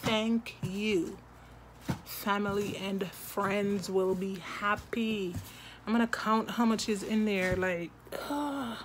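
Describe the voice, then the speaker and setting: A woman unboxing a gift box in a vlog, gushing and excitable, often repeating her words. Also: mid-range voice, takes it slowly, slight background noise. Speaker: product reviewer.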